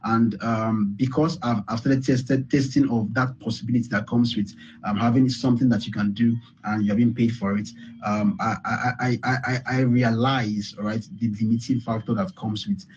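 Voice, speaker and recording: A man's voice: mid-range voice, steady tone, normal speed, a little mellow. Man, motivational speaker, emphatic and repetitive, dull lo-fi sound, faint background noise. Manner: repetitive, emphatic, frequent "all right". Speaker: speaker on a group call. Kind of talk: motivational talk.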